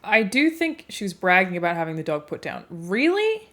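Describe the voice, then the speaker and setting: A woman's voice: mid-range voice, very animated, normal speed, fairly bright tone. A woman streamer reacting live on her stream, blunt and emotional, swearing freely.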